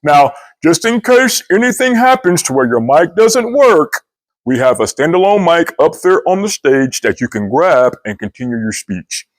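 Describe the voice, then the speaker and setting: A man's voice: fairly high pitch, sing-song, no room sound. Brief: patient sound-tech guy, step-by-step instructions, dry close sound, put on by a man telling a story. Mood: instructive. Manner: slow, explaining step by step. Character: calm adult male sound technician giving instructions.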